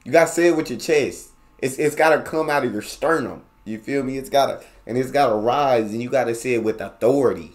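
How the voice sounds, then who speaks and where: A man's voice: mid-range voice, a little fast. Male reaction host, from the US, playful slangy delivery, mid-range voice. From United States. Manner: slangy, playful, teasing, mimics words back. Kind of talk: casual reaction commentary.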